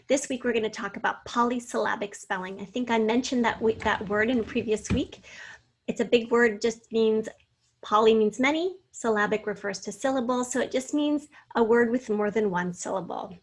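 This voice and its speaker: A woman's voice: fairly high pitch, moderate pace. A woman teacher giving a recorded spelling lesson to fifth graders, patiently sounding out syllables and spelling out letters.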